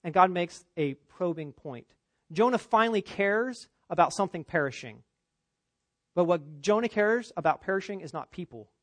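A man preaching an expository sermon, emphatic, climbing for stress and dropping low for asides. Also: no room sound. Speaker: pastor.

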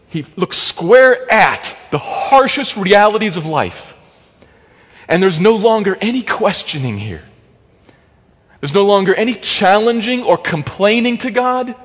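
A man preaching a sermon, emphatic, swinging between loud stressed phrases and hushed drops. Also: high voice. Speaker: pastor. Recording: long hall reverb.

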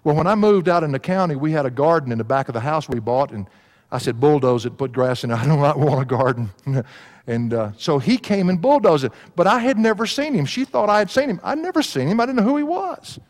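A man's voice: fairly high pitch, lively intonation, fairly quick. A man preaching a sermon, folksy and laughing at his own stories. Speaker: pastor. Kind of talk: sermon with storytelling. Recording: long hall reverb.

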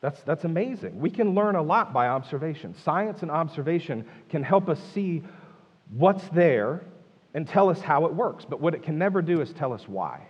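Male pastor, higher voice, emphatic sermon delivery, rhetorical questions. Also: sing-song, normal speed, husky, in a large hall, lo-fi sound.

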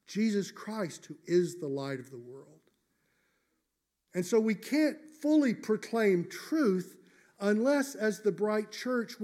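A pastor with a high voice preaches a sermon earnestly and emphatically, slowing down to stress key phrases and sometimes dropping to a soft near-whisper.

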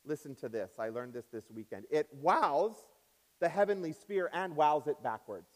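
A man preaching a sermon as pastor in a church, swinging up and down in pitch and loudness and stretching out key words. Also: animated, normal speed, big-room sound. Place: church sanctuary.

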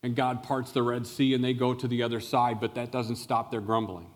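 Guy preaching a sermon, mid pitch voice, big hall echo, storytelling and asking the room questions. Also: a little fast. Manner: animated storyteller who explains words and asks the listeners questions. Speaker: pastor. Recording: long reverb of a large hall.

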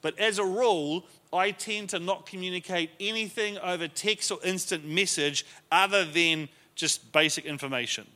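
A man's voice: high-pitched, normal speed, hardly any pauses, bright, forceful tone, long reverb tail. A man teaching a leadership class to a group in a conversational way, often acting out the lines he quotes.

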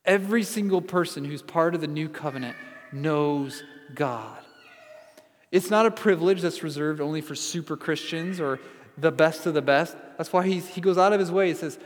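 A man's voice: on the high side, expressive, moderate pace, long reverb tail. A man preaching a sermon as pastor, earnest and building to emphatic repetition.

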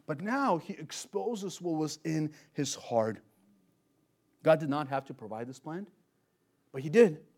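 A man preaching an expository sermon, animated and emphatic, using rhetorical questions. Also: fairly high pitch.

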